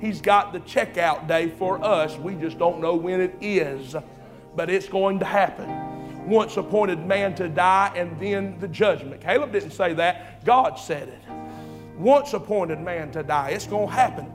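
Male preacher, high voice, impassioned sermon delivery, faint music under him. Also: measured pace. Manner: impassioned, repetitive, swings from shouting to hushed. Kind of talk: fiery sermon.

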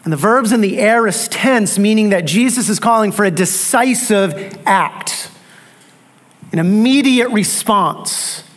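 A man's voice: sits high, unhurried. A man preaching a sermon, emphatic, repeating key phrases and asking rhetorical questions. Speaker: pastor.

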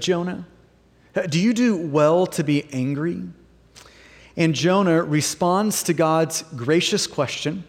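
A man preaching a sermon as pastor, animated and dramatic, acting out the voices in the story. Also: high voice. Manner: animated, acts out quoted voices. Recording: long reverb of a large hall.

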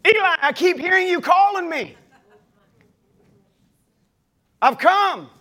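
A young boy prophet, stammering and unsure, voiced by a man in a sermon. The voice sits very high and swings widely in pitch. He trips over his words and repeats himself anxiously. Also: lively intonation, normal speed, pushed and bright, heavily acted. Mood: eager.

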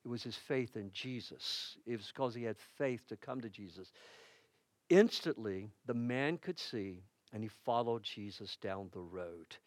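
A middle-aged man preaching a sermon as pastor, telling stories with dramatic punch and dropping to a hushed tone in prayer. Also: fairly low pitch, unhurried, no room sound. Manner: storytelling preacher who dramatizes quoted shouts; drops to a soft, hushed tone in prayer.

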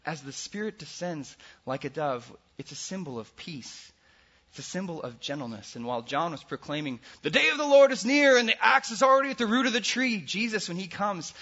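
A man preaching with a bright, forceful edge and a faintly husky grain. He is earnest and swings between loud emphasis and hushed passages. The recording sounds dull and lo-fi. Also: medium pitch. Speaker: pastor. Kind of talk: sermon.

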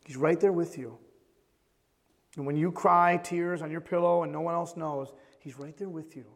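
Male pastor, high voice, fervent sermon delivery that drops to near whispers, reverberant sanctuary. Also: steady tone, moderate pace. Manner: impassioned, swings between loud and hushed, repeats phrases. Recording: long hall reverb.

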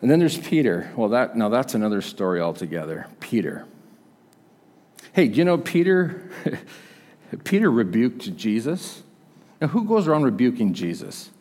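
A man's voice: mid-range voice, big pitch swings, normal speed, pauses often, a little mellow. A male pastor preaching a sermon in a conversational, emphatic storytelling manner. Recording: long hall reverb.

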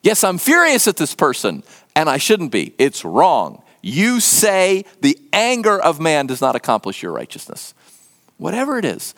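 A man preaching a sermon as pastor, in an earnest, conversational way, dropping to a hushed whisper for emphasis. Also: on the high side, huge pitch swings, normal speed.

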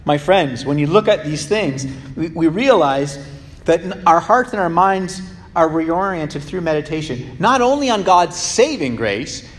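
High-voiced preacher in an echoing hall. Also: male voice, measured pace. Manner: animated, humorous, emphatic. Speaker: pastor. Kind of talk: sermon. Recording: long reverb of a large hall.

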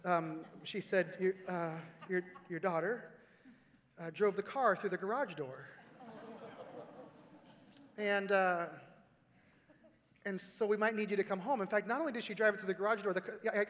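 A middle-aged pastor preaches a sermon in a church sanctuary. His voice sits high for a man, and a long hall reverb trails each phrase. He delivers it in an animated, storytelling way, with casual asides to the congregation.

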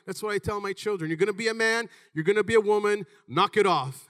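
A high-voiced man in his thirties preaching with real energy, his tone bright and forceful. He talks to the congregation in quick bursts and sometimes pushes into a shout. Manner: animated, shouts in bursts, calls out "Amen?" to the congregation. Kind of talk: sermon.

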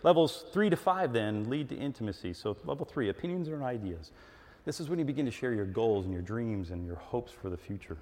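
A middle-aged man preaching a sermon, animated and emphatic, acting out little dialogues as he goes. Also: mid-range voice, brisk. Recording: long hall reverb.

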